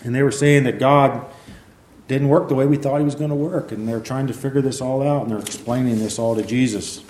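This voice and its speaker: Mellow-voiced man preaching in an echoey hall. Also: medium pitch, steady tone, a little fast, slight background noise. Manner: conversational, many fillers, reads scripture aloud. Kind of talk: sermon. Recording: echoey room.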